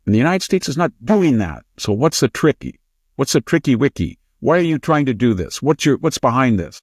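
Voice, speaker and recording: A man's voice: mid-range voice, sing-song, a little fast, husky, no echo, clean studio sound, voice pushed up. A man voicing a female foreign diplomat who asks coy, probing questions in a sing-song, mock-innocent way.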